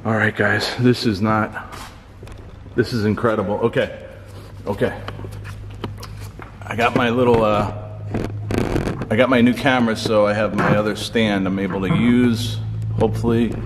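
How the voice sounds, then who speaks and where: A man's voice: on the low side, unhurried, pauses often, long reverb tail, a little hiss or hum. A man ghost-hunting in an abandoned nightclub, calling out to spirits, easily startled, recorded on a handheld camera. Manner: talks to unseen spirits, jumpy and excitable. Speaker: paranormal vlogger. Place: large empty abandoned nightclub. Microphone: handheld camera mic.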